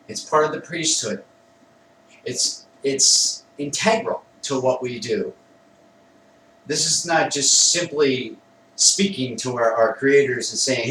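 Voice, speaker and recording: A man, a Wicca priest, calmly explains a ritual step by step in a plain conversational way, sometimes correcting himself. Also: mid-range voice, measured pace, a little hiss or hum. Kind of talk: instructional ritual demonstration. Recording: echoey room, mic at a distance.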